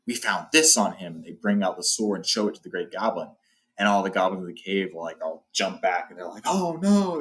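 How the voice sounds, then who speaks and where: A man's voice: deep voice, fairly bright tone. A man hosting a book channel, chatting casually and enthusiastically as he ranks legendary swords, rambling a little as he goes. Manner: enthusiastic, rambling, says awesome often. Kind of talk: casual ranking talk.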